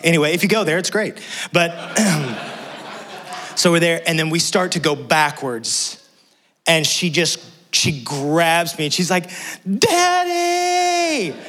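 A middle-aged man preaching a sermon as pastor, telling a personal story in an animated way and acting out the people in it. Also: a little high, a little slow.

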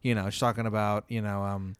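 A man's voice: fairly low pitch, flat delivery, fast talker, clear, resonant tone, no echo. A man hosting a comedy podcast, spinning a long hypothetical story in a rambling way, full of "like" and "uh". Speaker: podcast host.

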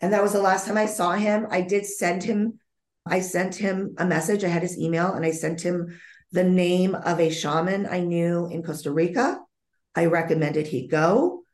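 A woman's voice: lowish voice, normal speed, a little mellow, roomy sound. A woman being interviewed as a psychic medium, telling a story vividly, acting out the dialogue and often restarting her sentences.

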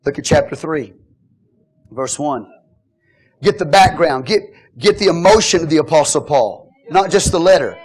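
A male pastor preaching a sermon in a church, impassioned and often shouting, with questions called out to the congregation. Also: fairly high pitch, lively intonation, normal speed, slightly rough.

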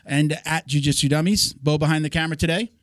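A man's voice: on the high side, steady tone, quick pace, fairly bright tone, no echo. A man hosting a podcast, talking loosely and casually with plenty of fillers into a close mic. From South Florida. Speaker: podcast host.

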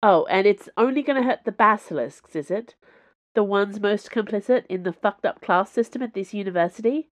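A woman voicing a sharp-tongued young woman student mage, blunt and scolding in a raised pitch. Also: moderate pace, no room sound, natural voice.

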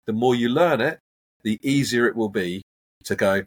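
A man, a hypnotherapist, talking in a casual interview and acting out everyday examples in an animated, coaching way. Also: mid-range voice, moderate pace. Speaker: hypnotherapist guest.

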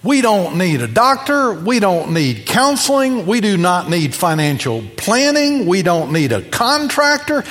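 A man preaching a sermon, animated as he tells a story, acting out the people in it. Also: sits high, unhurried, few pauses, in a large hall, faint music behind. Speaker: pastor.

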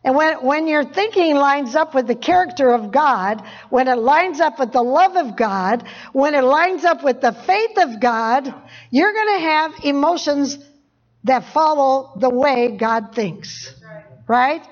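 A woman's voice: sits high, lively intonation, a little slow. A woman preacher giving an informal sermon, chatty, laughing often and repeating phrases for emphasis. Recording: dull lo-fi recording.

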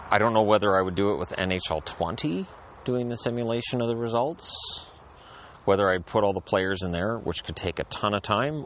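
A man with a lowish voice talks in a loose, rambling monologue, circling back over the same phrases. He sounds like he is outside in a backyard, with faint traffic somewhere in the background. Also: a bit bright. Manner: rambling, repeats phrases, restarts sentences. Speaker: podcast host. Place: outdoors in a backyard.

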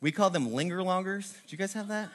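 A man's voice: sits high, quick pace. Joking Southern-raised man telling stories. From American South. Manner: joking, self-mocking, rambling with many fillers. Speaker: video host. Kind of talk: casual comic storytelling to camera.

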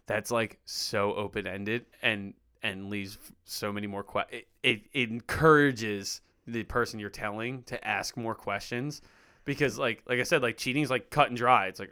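A man's voice: mid-range voice, moderate pace, clean tone. A young man co-hosting a casual podcast chat, swearing a lot and acting out what other people say. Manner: profane, animated, acts out quoted voices. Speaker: podcast co-host.

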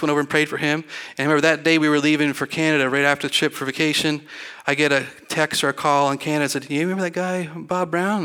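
A man's voice: on the high side, bright, forceful tone, clean tone. A middle-aged man, a pastor, preaching in a church in a rambling, folksy storytelling way, acting out the people he quotes. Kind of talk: storytelling sermon. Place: church sanctuary.

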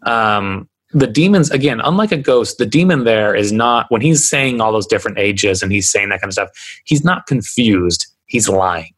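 Chatty low-voiced male podcast host. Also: expressive, normal speed, a bit bright, husky, poor audio. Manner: chatty, rambling with many fillers. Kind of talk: casual storytelling chat.

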